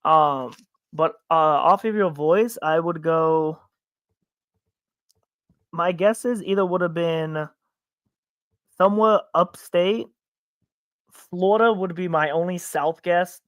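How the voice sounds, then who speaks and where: A man from upstate New York co-hosting a podcast in casual chat, rambling with many halting restarts. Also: on the high side, a bit bright, clean tone, no echo. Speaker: podcast co-host.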